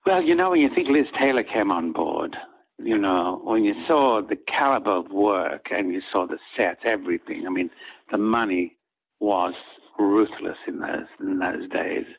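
An older man with a husky voice, a soap opera actor telling rambling anecdotes in an interview and acting out what others said. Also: deep voice, expressive, normal speed, muffled recording. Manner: rambling, acts out quoted lines of others.

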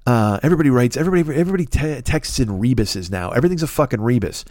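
With lively intonation and a racing delivery, a middle-aged podcast host with a slightly mellow, mid-range voice rants for laughs. He rambles, curses freely, and jumps to exasperated outbursts, with no room sound in the recording.

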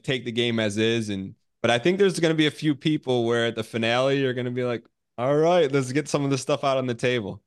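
A man reality show contestant answering interview questions, often restarting his sentences. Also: mid-range voice. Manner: halting, with many restarts and fillers.

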